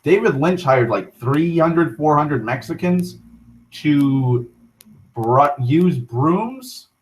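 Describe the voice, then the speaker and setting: A young man hosting an online talk show, rambling casually with frequent profanity, restarts and excited tangents. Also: fairly high pitch, slow, slight background noise, low-quality recording. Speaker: internet talk show host.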